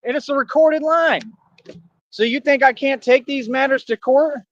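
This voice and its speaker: A man's voice: very high voice, normal speed, a bit bright, no echo, dull audio. A man livestreaming a casual monologue outdoors by a road, talking in an emphatic, slangy way and repeating himself for stress. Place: outdoors near a road with passing traffic.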